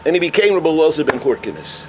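A man teaching a Torah class as a lively storyteller who mixes in Yiddish and Hebrew terms. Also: a little high, very fast, noisy background.

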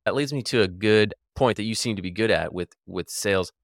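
A man's voice: on the low side, brisk, vocal fry, dry recording, studio quality. A man hosting a podcast interview, talking loosely and casually with lots of fillers. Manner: loose and chatty, many fillers like "like" and "you know". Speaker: podcast host.

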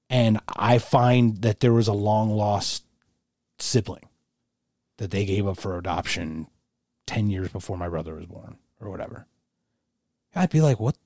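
A man's voice: mid-range voice, darkish tone, dry recording, studio quality. A man in casual chat giving firm opinions, often restarting sentences and cracking jokes.

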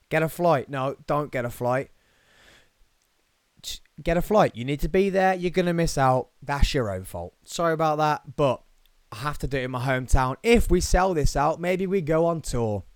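A lively man with a Birmingham accent hosts his own podcast, chatty and playful with quick jokey asides. His voice sits at an ordinary middle pitch. The sound is close and dry. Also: clear, resonant tone, dry recording. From England. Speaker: podcast host. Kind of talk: solo podcast chat.

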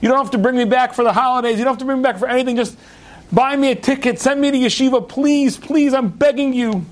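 A man's voice: extremely high pitch, fairly even intonation, fast, pitched above the performer's own voice. A man voicing a poor young boy who begs his father through tears in a story he tells. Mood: pleading. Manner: pleading, sobbing.

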